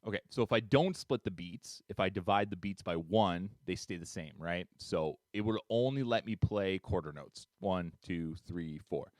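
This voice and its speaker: A man teaching a music tutorial, upbeat and chatty, counting beats out loud as he demonstrates. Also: low voice, normal speed, few pauses, dry recording. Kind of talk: screen-share tutorial.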